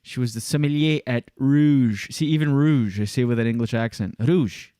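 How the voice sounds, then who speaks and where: A man's voice: medium pitch, moderate pace, warm tone, clear, resonant tone, dry recording, studio quality. A French-speaking man hosting a podcast, chatting in a jokey, rambling way. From Atlantic Canada. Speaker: podcast host. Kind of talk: casual chat.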